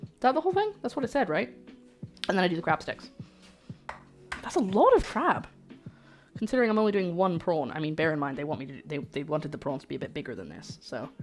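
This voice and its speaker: A woman hosts a casual cooking livestream, chatting and joking with her viewers as she works. Her voice sits a touch low, and faint music plays in the background. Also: big pitch swings, fast, pauses often. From lives in Scotland. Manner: chatty, jokey, self-deprecating, talks to chat.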